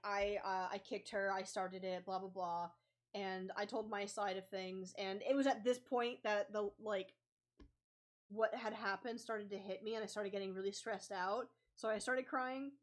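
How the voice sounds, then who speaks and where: A woman's voice: medium pitch, a bit bright. A young adult woman casually telling a story while drawing, rambling with lots of filler words. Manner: rambling, lots of ums and likes. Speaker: comic artist vlogger.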